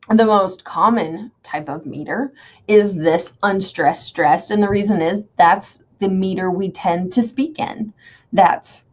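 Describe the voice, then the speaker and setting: A woman's voice: mid-range voice, highs cut off. Woman teacher sounding out poetic rhythm. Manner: explains step by step, often asks "okay?"; sounds out the rhythm of lines slowly. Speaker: English teacher. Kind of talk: recorded online lecture.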